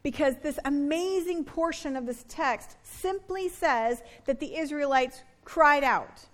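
A middle-aged woman pastor preaching a sermon, earnest, slowing down for emphasis and dropping soft and low on key words.

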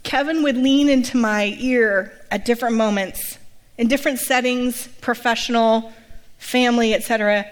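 Casting: middle-aged woman pastor, fairly high voice, animated storyteller, personal testimony. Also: normal speed, big-room sound. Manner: lively storytelling, acting out quoted voices.

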